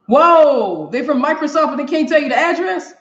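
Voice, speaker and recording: This cooking show host has a high, expressive, fairly bright voice and keeps a moderate pace. Laughing often, she speaks straight to viewers during a live demo in her home kitchen, where the echo makes the recording dull and lo-fi.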